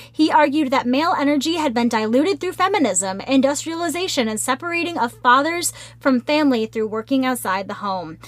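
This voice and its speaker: A woman's voice: sits high, dry recording. A woman co-hosting a casual podcast discussion, earnest, reading from her notes with restarts. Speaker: podcast co-host.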